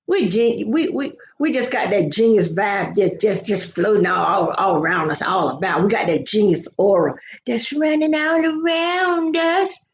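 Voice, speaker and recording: A woman's voice: medium pitch, animated, normal speed, few pauses. An older woman, chatting playfully and rambling with repeated words on a casual home live stream. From American South. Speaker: vlogger. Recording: echoey, dull lo-fi home recording.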